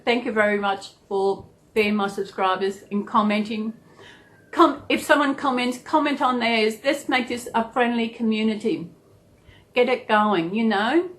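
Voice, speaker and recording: A woman with an Australian accent chatting casually to her subscribers, rambling and repeating her thanks. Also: a little high. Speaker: vlogger. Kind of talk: casual chat to camera.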